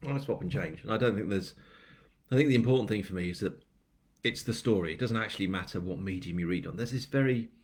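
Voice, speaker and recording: A British man with a deep, low voice, chatting loosely through a live stream. He rambles and fills gaps with ums, and pokes fun at himself. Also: fast talker, a little mellow. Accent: British English. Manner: rambling, chatty, self-mocking, with many fillers. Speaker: crime novelist hosting a live book launch. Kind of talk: casual live-stream chat.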